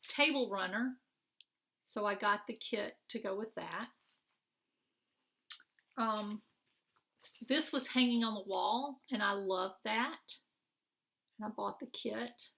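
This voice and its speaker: A woman's voice: a little high, slow, long pauses, bright, forceful tone. A middle-aged woman chatting casually as a craft vlogger, showing off her purchases in a rambling, friendly way with many fillers and restarts. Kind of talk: casual show-and-tell chat.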